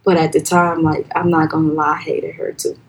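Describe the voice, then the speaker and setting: Softly halting young woman with a Liberian accent. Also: flat delivery, a little hiss or hum, poor audio. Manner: soft, halting and hesitant, with quoted voices raised high and loud. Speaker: guest. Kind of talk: personal storytelling in a podcast interview.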